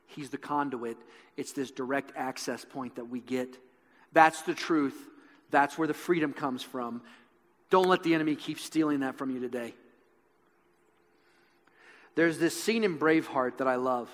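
A man's voice: mid-range voice, a little slow, pauses often, a bit bright. A man preaching a sermon in an earnest storytelling manner. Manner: earnest storytelling, building intensity. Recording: echoey hall with long reverb.

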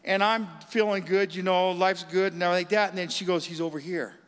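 Man, high-pitched, animated storyteller in a reverberant hall, church testimony. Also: quick pace, clear, resonant tone. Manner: animated storytelling, acts out voices. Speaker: guest giving testimony.

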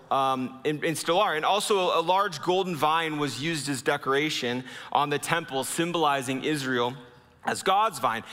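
A man preaching a sermon as pastor. He speaks earnestly, slowing down and dropping low to stress key lines. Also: pushed and bright, long reverb tail.

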